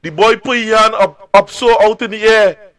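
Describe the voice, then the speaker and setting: A Trinidadian man hosts a live call-in show, blunt and emphatic. His voice is high and bright. The sound is dry and close. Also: moderate pace, no echo. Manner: blunt, emphatic, repeats phrases. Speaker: talk show host.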